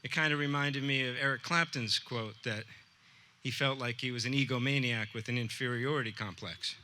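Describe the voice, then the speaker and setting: A man, an art teacher, telling a personal story to a live audience in a relaxed, conversational way. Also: mid-range voice, fairly quick, a little hiss or hum. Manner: conversational, acts out dialogue with voices.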